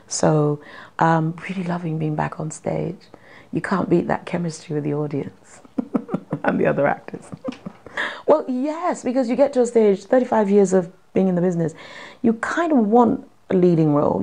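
A woman's voice: sits low, vocal fry. A middle-aged woman from Britain, an actor chatting animatedly in an interview in her theatre dressing room, laughing often. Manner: animated, laughing, lively asides. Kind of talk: casual interview chat.

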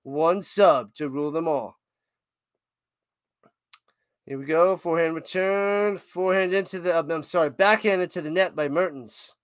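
A man doing casual live play-by-play of a tennis match as a streamer, excitable, humming and chanting between points. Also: fairly high pitch, moderate pace, long pauses, clear, resonant tone, no echo, clean studio sound.

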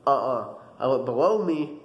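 A young man vlogging, telling a dream story in a casual, animated way with lots of fillers. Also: mid-range voice, normal speed, reverberant, poor audio. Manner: animated, dramatic retelling with many fillers.

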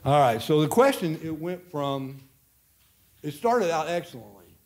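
A man's voice: a little high, expressive, a little slow. A man in his fifties, a Midwestern American pastor emeritus, teaching an informal Bible study to a church class in a folksy, rambling way, breaking off and restarting his sentences. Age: 50s. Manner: folksy, rambling, self-interrupting.

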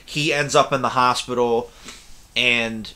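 A man's voice: mid-range voice, fairly even intonation, unhurried, pushed and bright. A man giving a casual, rambling movie review, blunt and a little tired, swearing now and then. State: yawning, tired.

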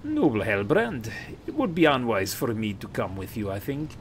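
A man voicing a proud, solemn male warrior of a wolf clan, reading game dialogue aloud in a rough put-on Scottish brogue. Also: mid-range voice, huge pitch swings, moderate pace, slight background noise. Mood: grave.

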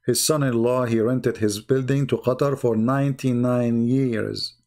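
A man's voice: mid-range voice, steady tone, a little slow, darkish tone. A man hosting a live call-in debate show, talking in a blunt, mocking way with loose grammar.

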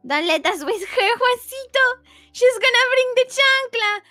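Very high, bright, playful woman. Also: animated, unhurried, dry recording, clean studio sound, soft background music. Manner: dramatic, giggly, mock-pleading. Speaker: VTuber guest. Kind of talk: playful livestream chat. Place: home streaming setup.

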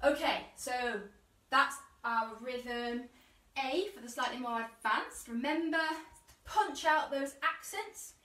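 High-voiced woman teaching chanted rhythms. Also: takes it slowly. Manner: chants food words in rhythm, counts in, loud call-and-response. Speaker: percussion workshop leader. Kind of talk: online rhythm lesson with chanted word rhythms. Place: room at home, live video session. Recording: roomy, distant live-stream audio.

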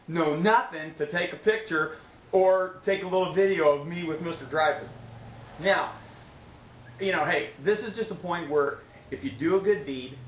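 A man's voice: fairly high pitch, fairly bright tone, reverberant, a little hiss or hum, rough recording. A middle-aged man telling a story in a casual vlog, chatty and preachy, often tossing in "okay?" and "anyways". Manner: preachy, motivational asides. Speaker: vlogger.

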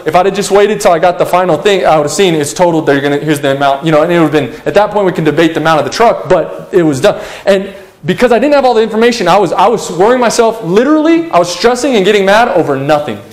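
A young adult male pastor delivers a sermon in a notably high voice. He tells stories with lively energy, drops humorous asides, and plays out his own earlier frustrations to make a point. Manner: animated storytelling with humorous asides; acts out his own past rants.

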